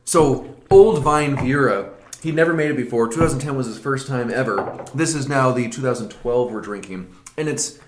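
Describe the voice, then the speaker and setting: A man co-hosting a casual wine tasting show, talking with enthusiasm and animated energy. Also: medium pitch, moderate pace, noisy background. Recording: echoey room.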